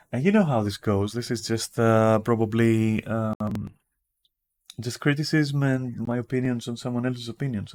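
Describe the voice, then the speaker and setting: A man streaming from home with a raspy, just-woken-up voice, rambling casually and swearing now and then. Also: fairly low pitch, darkish tone. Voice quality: raspy morning voice. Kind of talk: casual livestream chat. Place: at home in front of a camera.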